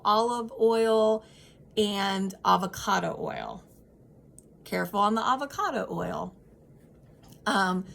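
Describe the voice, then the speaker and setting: Woman in her 30s chatting to camera, earnest, lots of ums, medium voice. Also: medium pitch. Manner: earnest, heartfelt, many ums and restarts. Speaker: vlogger sharing personal experience. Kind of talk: casual advice chat to camera.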